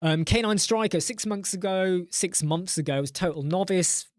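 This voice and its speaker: A man's voice: sits high, moderate pace, dry recording, clean studio sound. A man hosting a casual live chat, rambling and joking, reading out viewer names in a mock-exasperated way. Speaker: live stream host.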